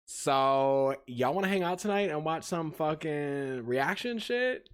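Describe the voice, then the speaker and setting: A male livestream host with a somewhat high voice chats casually with his audience. He is animated and teasing, and his pitch leaps upward as he greets viewers. He laughs often as he goes. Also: slow, clean tone. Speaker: livestream host reacting to videos.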